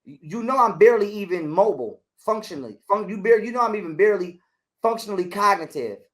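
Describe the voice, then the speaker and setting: A man's voice: sits high, fast talker. A man, an interview guest, telling a profane story in casual conversation and acting out other people's lines as he goes. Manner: animated retelling that acts out other people's lines.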